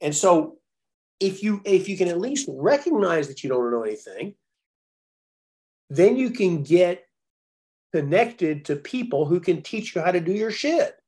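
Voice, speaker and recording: A man coaching chiropractors in a blunt, profane, animated way, telling stories. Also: high voice, measured pace, long pauses. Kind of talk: profane coaching talk on a call.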